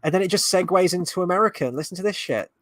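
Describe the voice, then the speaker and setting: A man's voice: sits high, fast talker, a crowd in the background. A man hosting a fan reaction video, talking casually with sarcastic, exasperated commentary and frequent swearing.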